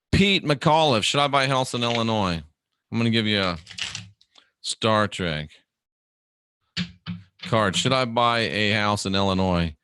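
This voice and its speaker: A man's voice: lowish voice, slow pace, pauses often, pushed and bright, smooth, dry recording, studio quality. A man hosting a casual livestream, reading viewer questions aloud and answering them by name in a rambling, chatty way.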